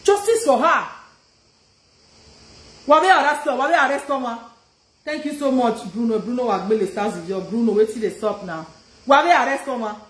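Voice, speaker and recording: A Nigerian-accented woman goes on a heated rant during a live stream, confronting someone, repeating her questions and switching languages partway through sentences. Her voice sits on the high side, animated and fairly bright, at a normal speed with frequent pauses, and the sound is roomy.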